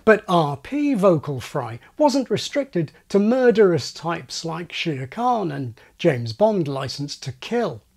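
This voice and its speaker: A man narrating a scripted video essay in a wry, explanatory way, with a husky voice. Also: fairly high pitch, very animated, slow, hardly any pauses.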